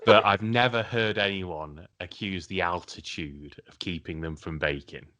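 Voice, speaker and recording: A man's voice: deep voice, moderate pace, sharp tone. A British man joking and swearing casually on a podcast, laughing easily. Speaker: podcast guest. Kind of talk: casual chat.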